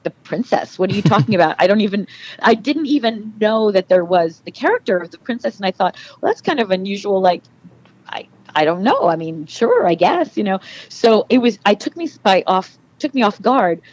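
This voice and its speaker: A middle-aged actress chatting as a podcast guest, telling animated stories and acting out quoted dialogue. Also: female voice, mid-range voice, normal speed, rough recording. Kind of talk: casual interview.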